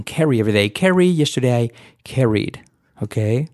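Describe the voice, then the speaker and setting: Teaching English grammar to Spanish speakers in a casual lesson, a man keeps things playful and chatty, moving between examples and humming or singing bits of songs. His mid-range, darkish voice has lively intonation and a slightly fast pace. The studio-quality recording has no room sound.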